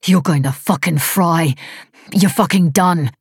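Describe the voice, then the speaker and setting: Enraged wounded man read by a woman, raised and hostile, husky edge, dry close sound. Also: normal speed, dry recording, lightly acted. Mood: furious. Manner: shouting threats, pitch pushed up. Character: furious injured young man, hostile and swearing.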